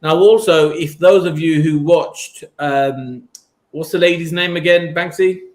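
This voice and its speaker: A man's voice: a little high, a little slow. A man hosting a casual podcast, rambling with frequent ums and wry asides. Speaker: podcast host.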